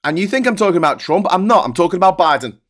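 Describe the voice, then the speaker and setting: A man's voice: sits high, lively intonation, rapid-fire, a bit bright. Ranting man hosting a livestream. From United Kingdom. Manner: ranting, sweary and exasperated. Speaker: political livestream host. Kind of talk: livestream political commentary.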